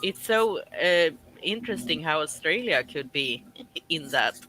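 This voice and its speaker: A woman's voice: deep voice, animated, unhurried, sharp tone, faint music behind, poor audio. A woman from Sweden joining a livestream call, chatting casually and giggling. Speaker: guest on a call. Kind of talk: casual chat.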